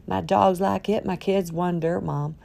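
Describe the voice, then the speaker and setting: A woman hosting a solo podcast in a playful, quirky way, swinging from loud cheer to a near-whisper. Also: low-pitched, expressive, normal speed, gravelly. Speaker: podcast host. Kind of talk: upbeat solo podcast talk.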